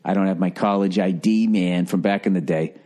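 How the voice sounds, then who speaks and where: A man's voice: deep voice, fairly even intonation, fairly quick, warm tone. A man hosting a comedy podcast, telling a rambling, profane story in a casual monologue. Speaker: podcast host.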